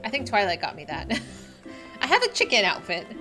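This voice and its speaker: A woman streaming a game, chatting casually in an excitable, emotional way. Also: medium pitch, moderate pace, music in the background. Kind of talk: casual gameplay chat.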